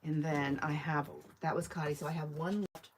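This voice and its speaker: A woman's voice: low voice, fairly even intonation, moderate pace, noisy background. A woman hosting a live online sale, chatting casually and rambling as she reads viewer comments aloud. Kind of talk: casual live-stream sales chat.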